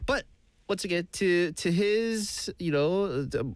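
A man's voice: sits high, animated, takes it slowly, dry recording, studio quality. A man co-hosting a casual live-stream music chat, playful and groping for words. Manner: playful, gropes for words, chuckles often. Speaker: co-host.

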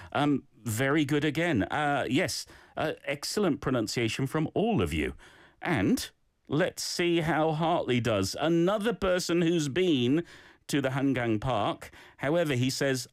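Lively, playful male radio host. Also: mid-range voice, no room sound, clean studio sound. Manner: warm, encouraging and playful. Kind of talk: hosting a radio language segment.

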